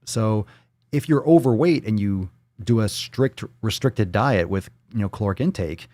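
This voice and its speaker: A fitness show host with a fairly low voice talks straight into a close, dry mic. He chats casually and bluntly, swears freely and slips into silly voices when it suits him. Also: expressive, normal speed, dark tone, no echo. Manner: blunt, profane, playful, jumps into silly voices. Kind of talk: casual live-stream chat, reading viewer posts.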